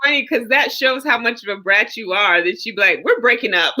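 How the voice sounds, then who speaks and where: Woman co-host, bright higher voice, lively animated delivery, casual livestream banter. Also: fairly quick. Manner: animated storytelling, laughs often, reads out chat comments. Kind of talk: casual chat.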